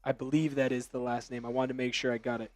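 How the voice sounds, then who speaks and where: A young man from Vancouver, Washington, hosting a live fan stream and yelling excitedly with his co-host. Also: mid-range voice, dry recording. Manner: rowdy, yelling, fast fan banter.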